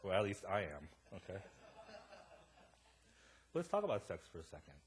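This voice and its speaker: A young adult man preaching a sermon in a church, casual and joking as he tells stories, swinging from quiet asides to loud, animated bursts. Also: low voice, normal speed. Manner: casual, joking storyteller with a wide swing in loudness. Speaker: pastor. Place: church sanctuary.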